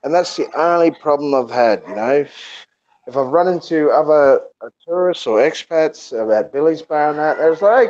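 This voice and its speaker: A man's voice: fairly high pitch, moderate pace, dull audio. Foul-mouthed man telling stories. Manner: profane storytelling, animated. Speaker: live show host. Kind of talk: casual live-stream chat.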